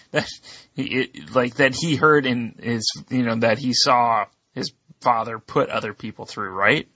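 A man's voice: medium pitch, measured pace, sharp tone, husky, no room sound, muffled recording. A man co-hosting a podcast, talking in a hesitant, word-searching casual way. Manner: hesitant, searching for words with fillers. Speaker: podcast co-host.

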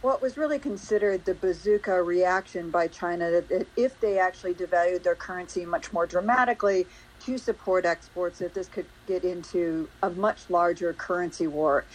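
Low-voiced woman economist explaining. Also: normal speed, rough recording. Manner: fluent, explanatory. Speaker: chief economist, guest. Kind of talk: news interview analysis.

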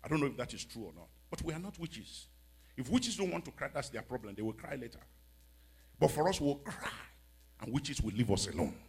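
A man with a West African accent preaching a sermon in a church, dramatic and mocking, dropping to a hush and then shouting. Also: mid-range voice, sing-song, fairly quick, gravelly, husky.

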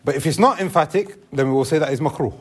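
A man's voice: a little high, fast talker, slightly rough. A man teaching a classroom lesson on Islamic law, explaining step by step and asking the class questions.

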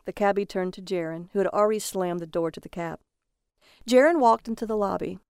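A woman narrating a noir horror story in a steady, measured way. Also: medium pitch, clean tone, dry recording, studio quality.

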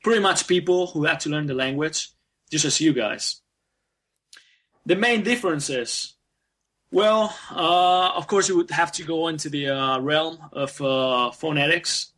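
A Spanish-speaking man whose English is American-trained chats as a guest in a casual interview, full of loose restarts and fillers. His voice is on the high side, a bit bright, and a little slow.

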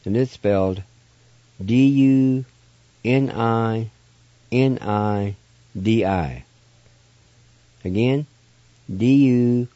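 Older man, patient teacher, slow, syllable by syllable, muffled dry radio sound. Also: lowish voice, warm tone, no echo. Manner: patient, repeats each word syllable by syllable. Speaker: radio host teaching language. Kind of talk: slow spelled-out language lesson.

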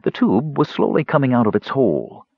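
A man narrating a fantasy audiobook in a dramatic, animated storytelling manner, in a dull lo-fi recording. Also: medium pitch, fairly quick, husky, dry recording.

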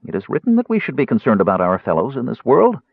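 A smooth, mild elven high priest speaks in a raised, lilting register, measured and quietly menacing, as a male narrator puts him on. The audiobook audio is husky, dry and tinny like a phone line. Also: huge pitch swings, dry recording, full character voice.

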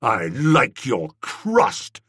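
A man's voice: mid-range voice, very animated, slow pace, a bit bright, dry recording, clean studio sound, full character voice. Man voicing Tuppy, a jealous accusing gent. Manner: hotly accusing, snorting. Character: indignant jealous young English gentleman. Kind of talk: audiobook character voice.

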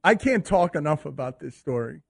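A male radio host telling a story with animated energy, laughing as he talks. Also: fairly high pitch, moderate pace, gravelly, husky. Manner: excitable storyteller, laughs while talking. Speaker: radio sports show host.

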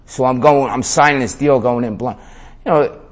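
Here an interview guest recounts a story at a moderate pace in a medium-pitched male voice. He keeps it loose, peppering his talk with slang, curses and the word "man".

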